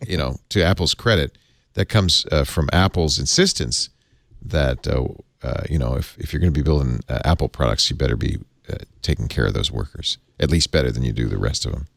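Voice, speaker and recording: A man's voice: low voice, creaky, a bit bright, dry recording. A man hosting a casual tech chat in a studio, talking with many hesitant fillers. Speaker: host.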